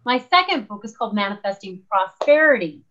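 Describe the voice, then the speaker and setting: A guest author in a conversational interview speaks a little fast in a mid-range voice. She tells her stories animatedly, acting out the voices of the people she quotes. The sound is lo-fi.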